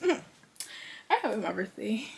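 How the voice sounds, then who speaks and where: A young woman vlogging casually to her viewers on a phone camera, excitable and chatty. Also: medium pitch, takes it slowly, creaky, slightly rough. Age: young adult. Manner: excitable, talks to viewers as y'all. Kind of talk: casual vlog chat.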